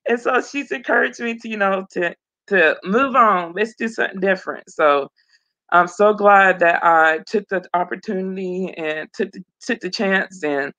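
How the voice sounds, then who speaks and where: A woman's voice: mid-range voice, a little slow, pushed and bright. A woman, a mother of twins, telling her personal story as an interview guest in an earnest way, often repeating phrases. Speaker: program graduate guest. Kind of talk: emotional personal testimony.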